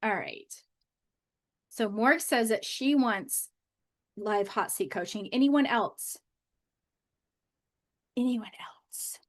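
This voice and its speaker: A woman's voice: medium pitch, slow pace, pauses often. A woman coach chatting casually on a live stream from her home office, bubbly and loose, with lots of "like" fillers. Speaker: manifestation coach.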